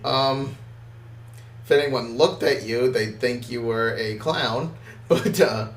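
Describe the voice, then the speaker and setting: A man's voice: medium pitch, takes it slowly. A man running a tabletop game as game master, laid-back and laughing often. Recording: roomy audio from off-mic.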